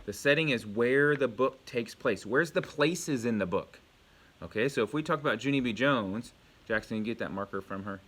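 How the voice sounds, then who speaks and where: Bright-voiced man teaching young kids. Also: mid-range voice, moderate pace. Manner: patient, encouraging, asks quiz questions and praises answers. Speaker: elementary school teacher. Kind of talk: home video lesson for young pupils.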